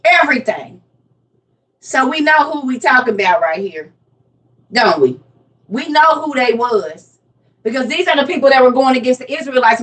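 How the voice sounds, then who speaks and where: A woman's voice: on the high side, distant mic. A woman in her forties giving a casual Bible lesson, playful and constantly quizzing her listeners. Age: 40s. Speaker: Bible teacher.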